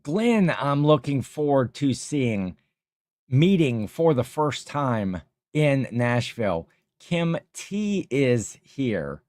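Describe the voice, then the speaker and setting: A man hosting a casual livestream, reading viewer comments aloud and rambling with many pauses. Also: mid-range voice, big pitch swings, darkish tone, no echo. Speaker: livestream host.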